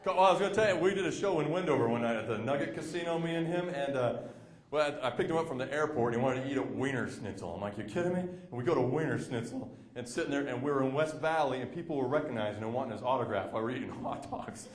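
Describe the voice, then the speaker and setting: Young guy doing standup, self-deprecating rambling stories, middle pitch, roomy echo. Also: lively intonation, fast talker. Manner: rambling, self-deprecating storytelling with quoted asides. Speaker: stand-up comedian. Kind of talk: stand-up comedy set. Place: comedy club stage. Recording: echoey club room. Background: audience laughter.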